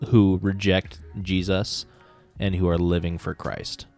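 A man's voice: low voice, little pitch movement, measured pace, gravelly, a little mellow, faint music behind. A man hosting a casual faith podcast, talking earnestly and rambling with many "like" fillers. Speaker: podcast host.

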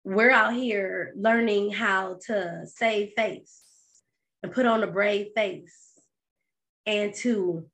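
A woman speaks as the host of a podcast, keeping a loose, conversational flow. She likes to press her points home with lively rhetorical questions. Her voice sits at an ordinary middle pitch. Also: slow. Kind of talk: casual monologue.

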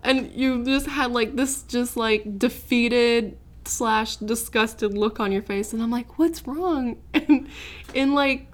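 A woman's voice: fairly high pitch, fairly even intonation, slow pace. A woman co-hosting a podcast, telling stories in a giggly, rambling casual chat. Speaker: podcast co-host.

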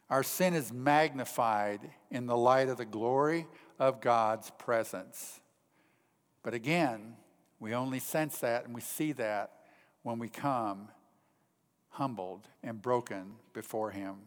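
A man preaching a sermon in an earnest way, pressing his points with rising emphasis and then dropping to hushed, quiet tones. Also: medium pitch, takes it slowly, long reverb tail. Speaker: pastor.

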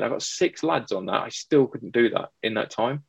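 A man's voice: medium pitch, sing-song, brisk, gravelly, hardly any pauses, husky, no room sound, lo-fi sound. A man working as an electrician tells a work story in casual chat, acting out both sides of the dialogue.

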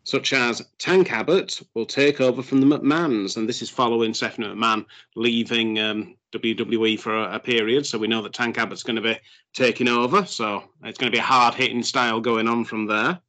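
A man's voice: medium pitch, steady tone, a little fast, bright, forceful tone. A man hosting a casual podcast, joking and plugging shows. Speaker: podcast host.

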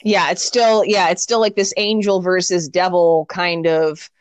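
A woman co-hosting a podcast, recapping a movie in wry, animated casual chat. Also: lowish voice, a little slow, no echo. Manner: animated, wry, acts out characters. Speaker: podcast co-host.

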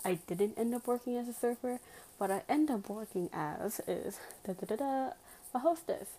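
A woman's voice: a little high, moderate pace, dark tone, rough recording. A woman telling a personal story to her viewers in a casual, emphatic way, full of "like" fillers and direct appeals.

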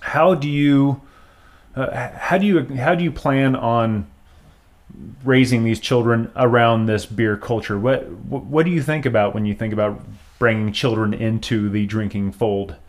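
A man's voice: medium pitch, a little slow. A middle-aged man hosting an interview, asking friendly, rambling questions with restarts. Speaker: host. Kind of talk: casual interview chat.

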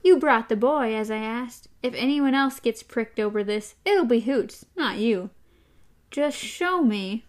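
A woman voicing a male gang leader who speaks in a soft, thick, quietly menacing voice. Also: a little high, expressive, a little slow. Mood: reasonable.

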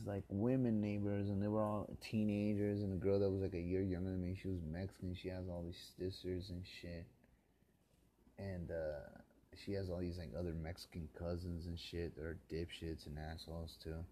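A man's voice: low voice, flat delivery, normal speed, warm tone, a little hiss or hum. A man from the Los Angeles area in a rambling solo podcast monologue, talking bitterly and with constant swearing, often rising into angry rants.

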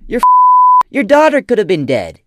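A man putting on a loud, crude, mocking impression of a male motivational speaker. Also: a little high, wildly swooping pitch, moderate pace, slight background noise, heavily acted. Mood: yelling.

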